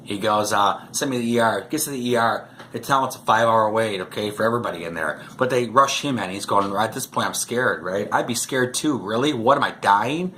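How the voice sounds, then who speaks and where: A man's voice: fairly low pitch, brisk, few pauses, fairly bright tone, slight background noise. A man vlogging, telling rambling stories in a casual way, chuckling often and saying "you know" a lot. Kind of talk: casual storytelling to camera.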